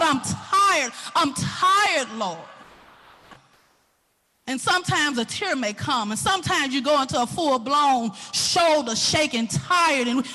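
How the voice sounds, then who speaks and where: Southern woman preacher, high bright voice, animated, hushed to shouting. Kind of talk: sermon.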